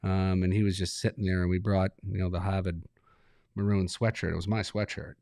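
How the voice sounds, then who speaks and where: Man, deep voice, relaxed rambling guest, dry close sound. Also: a little fast, vocal fry, smooth, dry recording. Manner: laid-back, rambling, laughs while telling stories. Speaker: hockey coach, guest. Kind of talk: relaxed interview talk.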